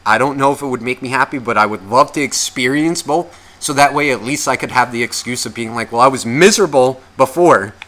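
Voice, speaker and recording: Bright-voiced, foul-mouthed male podcaster. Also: medium pitch, brisk, few pauses. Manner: profane, animated storytelling. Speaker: podcast co-host. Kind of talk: casual podcast chat.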